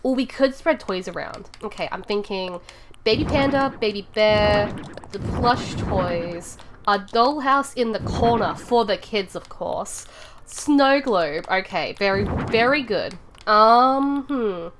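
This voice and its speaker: A woman's voice: medium pitch, lively intonation, slow pace, noisy background. A woman streaming from her room, chatting casually with viewers and thinking aloud as she builds in a game, rambling and giggly. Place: home room.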